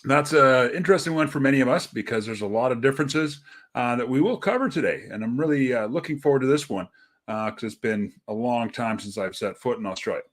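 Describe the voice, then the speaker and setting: A man hosting a casual livestream over a video call. His voice sits at an ordinary pitch, and he rambles easily with lots of fillers. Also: expressive, a little fast. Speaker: livestream host.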